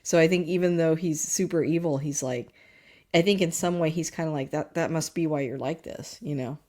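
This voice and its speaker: Lower-voiced woman musing on a film. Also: brisk, darkish tone. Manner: thoughtful, interprets characters' motives. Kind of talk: casual movie podcast chat.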